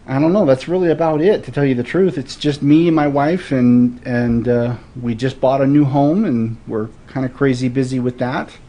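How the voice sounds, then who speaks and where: A man's voice: mid-range voice, warm tone. A man in his forties from Florida, a guest telling stories in an earnest, thoughtful way in a casual interview.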